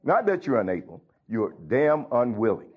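Stern pastor, blunt and scolding, mid-pitched man, muffled lo-fi recording. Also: sing-song, normal speed. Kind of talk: sermon. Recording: dull lo-fi recording.

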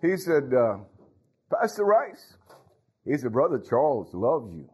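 A man's voice: medium pitch, big pitch swings, a little slow, a little mellow, slightly rough. A man preaching a folksy sermon as pastor, talking straight to his congregation and dropping in hallelujahs. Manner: folksy, talks to congregation, frequent hallelujahs and laughs.

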